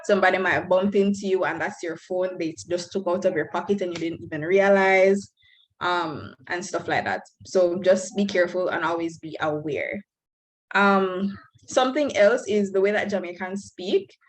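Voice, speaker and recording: A woman's voice: fairly low pitch, moderate pace, low-quality recording. A young woman from Belize, giving frank, earnest advice to new students on a video call. She speaks candidly and laughs lightly now and then.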